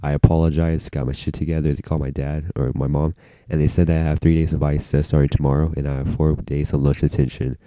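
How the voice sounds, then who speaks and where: A male vlogger tells a story straight to camera in a loose, rambling way, swearing freely and leaning on "like." His voice sits low and very dark and mellow. The sound is dry and close. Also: level tone, fast talker, no echo. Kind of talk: casual storytime vlog.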